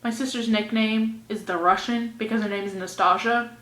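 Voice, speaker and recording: A teenage girl vlogging casually, rambling in a goofy way and swinging between mumbles and loud outbursts, recorded on a phone or webcam at home. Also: on the high side, fairly even intonation, moderate pace. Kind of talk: casual vlog rant. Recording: echoey room.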